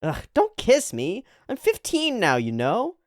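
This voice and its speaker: A man's voice: sits high, huge pitch swings, unhurried, dry recording, clean studio sound, pitched above the performer's own voice, full character voice. A man voicing a fifteen-year-old girl, a clingy and affectionate younger sister, read aloud from a comic.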